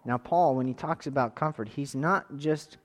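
A man in his thirties preaching a sermon, moving between forceful raised passages and quiet, intimate tones. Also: mid-range voice, moderate pace. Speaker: pastor.

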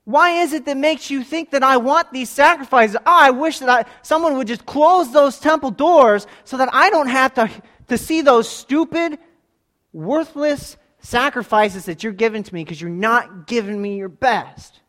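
A man preaching voices God as a stern yet loving deity, making slow, forceful declarations. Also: very high voice, very animated, pitched above the performer's own voice, exaggerated voice. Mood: commanding.

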